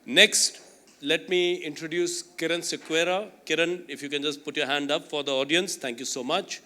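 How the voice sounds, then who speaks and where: Bright-voiced man moderating a panel. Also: on the high side, fairly even intonation, normal speed. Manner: chatty, self-deprecating storytelling with frequent "you know".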